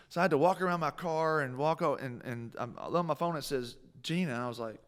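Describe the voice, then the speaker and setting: Animated man telling a story on live radio. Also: medium pitch, fast talker, hardly any pauses, clear, resonant tone. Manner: animated, laughing, many restarts. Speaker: guest country singer. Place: live radio stage in a food hall.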